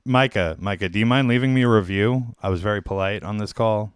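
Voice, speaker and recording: A man with a low, smooth voice breaks news deadpan and stumbles over fillers. The recording is dry and close, with no room sound. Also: fairly quick, no echo. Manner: deadpan and hesitant, many fillers. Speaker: prank call host.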